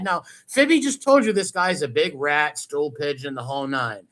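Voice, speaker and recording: A man's voice: fairly high pitch, normal speed, hardly any pauses, a bit bright. A man hosting a live stream, mocking clips he plays with sarcastic, profane commentary. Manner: sarcastic, profane, laughs often. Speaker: host reacting to clips.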